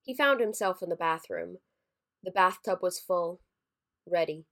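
A woman narrating a scripted horror story in a measured, somber way. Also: fairly low pitch, lively intonation. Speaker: story reader.

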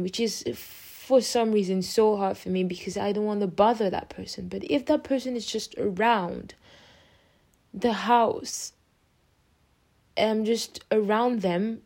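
A young adult woman with a mellow, medium-pitched voice hosts a podcast and gives a candid personal update. She rambles and restarts often, stays openly emotional, and speaks affectionately to her listeners throughout this casual monologue.

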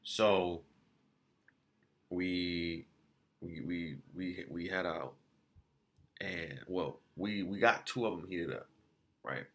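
A man casually reviewing food spots in a vlog, telling it as an animated, slangy story full of restarts and quoted exchanges. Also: sits low, slow, long pauses.

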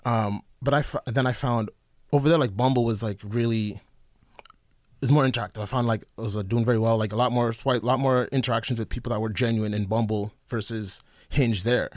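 A man's voice: medium pitch, steady tone, fairly quick, no room sound, studio quality. A man co-hosting a casual podcast, rambling with many restarts and laughing often. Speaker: podcast co-host.

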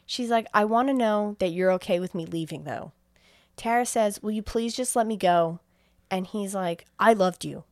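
Young woman, podcast co-host, animated plot recap, swears, dry close sound. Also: medium pitch, moderate pace, no room sound. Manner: animated storytelling, acting out quotes, swears freely. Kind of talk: casual chat, retelling a movie plot.

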